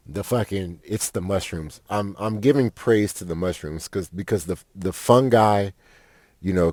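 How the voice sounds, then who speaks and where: A man's voice: low voice, a little mellow, no echo, clean studio sound. A young man, a podcast host telling a rambling, profane story with lots of fillers. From Fort Worth, Texas. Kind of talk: casual storytelling monologue.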